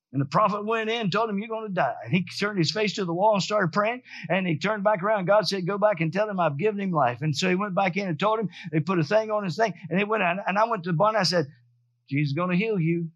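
Older male pastor, lively preaching. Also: high-pitched. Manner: storytelling, punctuated with hallelujahs and amens. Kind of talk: sermon. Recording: dry, dull lo-fi sound.

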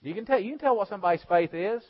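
Preacher, animated and lo-fi. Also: male voice, sits high, racing. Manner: animated, acts out voices, shifts between loud preaching and hushed storytelling. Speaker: pastor. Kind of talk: sermon. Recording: dull lo-fi sound.

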